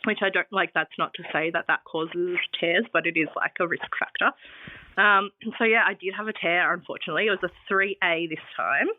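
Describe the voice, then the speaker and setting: Speaking briskly in a voice on the low side, an Australian woman shares her birth story as a podcast guest in a relaxed interview. Her talk is packed with "um" and "like," and the sound is dry and phone-like with no room sound.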